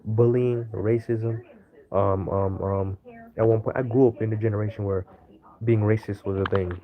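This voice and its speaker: A man with a somewhat low voice talks his way through an unscripted monologue, stopping often to hunt for the right word. The audio is a little dull and lo-fi. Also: fairly even intonation, normal speed. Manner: rambling, searching for words with many fillers. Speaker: astrology video host.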